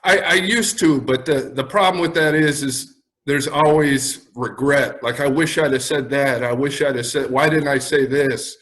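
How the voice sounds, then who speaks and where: A man's voice: mid-range voice, steady tone, normal speed, a bit bright, rough recording. A man with a Chicago accent, a guest on a podcast, talking bluntly and swearing freely in casual chat. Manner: blunt, profane.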